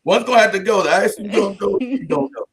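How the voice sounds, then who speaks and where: A man's voice: high voice, quick pace. A man giving a casual talk to an audience, telling jokey, profane stories full of restarts and asides, and calling his listeners family. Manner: keeps addressing the audience as family. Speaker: speaker at a community talk.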